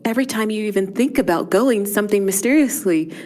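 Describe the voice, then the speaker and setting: A woman's voice: mid-range voice, fast, a little mellow, voice pushed down, close to an everyday voice. A woman playing a spoiled, possessive young aristocrat in a tabletop game, who whines and sobs theatrically. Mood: sweetly menacing. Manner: whiny, possessive, sing-song, sobs into tantrums. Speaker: player. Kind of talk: tabletop role-play.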